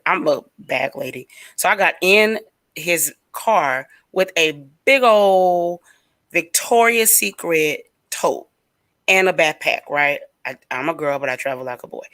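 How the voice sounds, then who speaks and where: Woman chatting on a talk show, bright forceful voice, dry sound, rambles on with lots of likes and ums. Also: on the low side, no echo. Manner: rambling, animated, heavy on fillers. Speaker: radio show regular. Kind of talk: casual storytelling chat.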